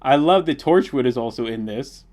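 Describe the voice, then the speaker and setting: A man's voice: mid-range voice, moderate pace. Young male streamer, eager fan energy, reads chat aloud, ordinary mid-range voice. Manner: reads viewer comments aloud, excitable fan. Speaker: livestream host. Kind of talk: casual live watch-along chat.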